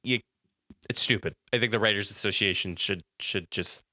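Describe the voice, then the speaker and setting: A man's voice: fairly low pitch, moderate pace, bright, forceful tone, no echo. A man co-hosting a comedy podcast in casual chat, playful and giggly, laughing often. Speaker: podcast co-host.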